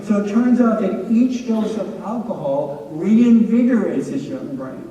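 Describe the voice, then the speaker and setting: A man giving a lecture with anecdotes at a staff training, an energetic, animated storyteller who acts out quotes. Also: sits high, a little slow. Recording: echoey hall, distant mic.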